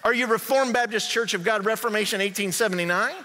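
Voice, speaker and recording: A man acting out a frantic rescuer, eager, high voice, sharp tone, reverberant church. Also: fast talker. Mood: excited. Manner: eager, climbing excitement. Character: frantic man talking a jumper off a bridge. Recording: echoey sanctuary hall.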